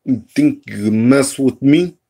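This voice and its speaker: A man's voice: mid-range voice, unhurried, creaky, mellow, breathy edge, voice pushed up. A man voicing a threatening male mafia gangster in a homemade voice video. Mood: menacing. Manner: threatening, boastful.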